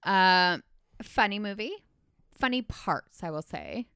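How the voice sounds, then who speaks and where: A woman's voice: medium pitch, lively intonation, slow pace, sharp tone, smooth, no echo, studio quality. A woman recapping a movie in casual chat, rambling and full of filler words.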